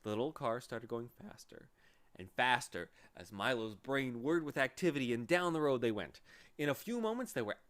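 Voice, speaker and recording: A man reading a storybook aloud, animated and expressive with a lively rise and fall. His tone is bright and forward. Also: medium pitch, normal speed. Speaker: reader.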